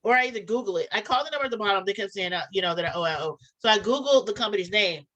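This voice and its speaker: A woman's voice: mid-range voice, animated, very fast, a bit bright, rough recording. A woman chatting casually, telling a story and acting out both sides of phone calls. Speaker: podcast co-host telling a story.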